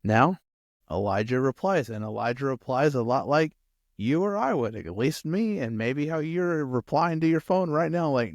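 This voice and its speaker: A male campus pastor giving a lively sermon who acts out quotes and addresses his listeners directly. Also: medium pitch, normal speed, dry recording, clean studio sound.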